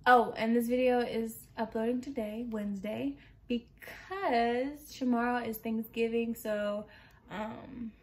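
A woman's voice: a little high, fairly even intonation, slow. A young pregnant woman vlogger talking casually and rambling, a bit out of breath and laughing often. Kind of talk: casual chat.

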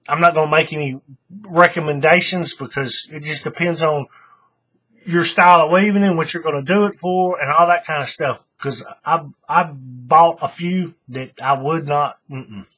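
A man's voice: on the high side, fairly even intonation, normal speed, sharp tone, slightly rough. A man hosting a casual craft tutorial, thinking aloud as he works and often restarting his sentences. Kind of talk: casual how-to demonstration.

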